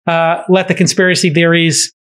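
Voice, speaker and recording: A middle-aged man hosting a podcast, telling stories in animated, laughing casual chat. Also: fairly high pitch, moderate pace, clean tone. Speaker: podcast host.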